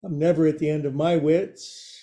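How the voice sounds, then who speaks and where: A man's voice: on the high side, little pitch movement, normal speed, mellow. A man teaching a yoga class and guiding poses with a playful, joking manner.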